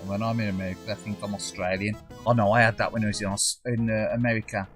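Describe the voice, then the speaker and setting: Speaking fast in a lowish voice with little pitch movement, this Black Country livestream gamer from the English Midlands talks casually to viewers over faint music. He reads the live chat, swears, trails off mid-thought, jokes around, and puts on funny quoted voices.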